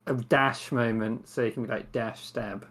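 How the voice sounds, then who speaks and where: A man's voice: medium pitch, fairly even intonation, moderate pace, a bit bright. A man playing a tabletop role-playing game, casually explaining what his character does, in an offhand way. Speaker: player.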